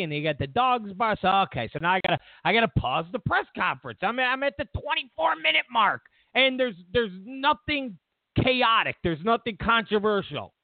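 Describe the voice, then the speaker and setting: A man's voice: high-pitched, big pitch swings, moderate pace, no room sound. A man hosting his own show, ranting in a casual, sarcastic and mocking way about the news. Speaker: show host. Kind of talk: casual political commentary rant. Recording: tinny phone-like line, dry.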